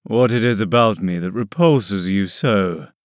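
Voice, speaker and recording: A man voicing a cold, menacing emperor who speaks slowly and mockingly. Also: lowish voice, dry recording, studio quality, natural voice.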